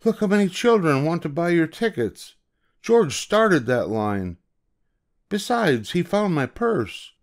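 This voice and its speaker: A man's voice: a little high, big pitch swings, pitched above the performer's own voice, full character voice. A grandfather doing a fluttery fussy aunt. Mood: pleading. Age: older. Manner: drawn-out, fluttery. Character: fussy middle-aged woman, aunt.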